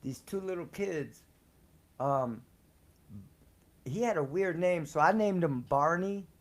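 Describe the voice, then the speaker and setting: A man's voice: a little high, slow. Slangy laughing man telling stories. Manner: profane, slangy and laughing often. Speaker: storyteller on a live show. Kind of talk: casual storytelling.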